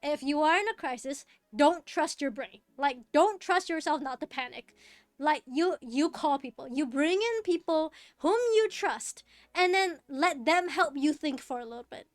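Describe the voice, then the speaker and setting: Giggly high-voiced young woman streamer. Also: normal speed, no echo. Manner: giggly, rambling with many fillers and restarts. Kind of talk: casual chat while gaming.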